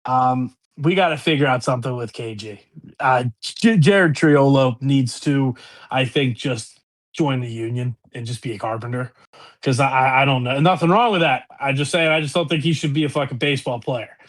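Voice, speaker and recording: A man's voice: mid-range voice, moderate pace. A man with a Pittsburgh accent co-hosting a sports podcast, talking in rambling, profane, laughing banter. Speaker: podcast co-host. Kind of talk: casual sports chat.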